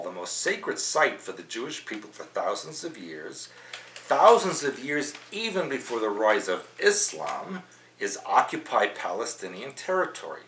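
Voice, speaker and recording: A man's voice: lowish voice, pushed and bright. A middle-aged man hosting a news podcast, reading quotes aloud and adding opinionated asides. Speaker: podcast host. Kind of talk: news commentary chat. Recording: roomy, slightly distant mic with faint hum.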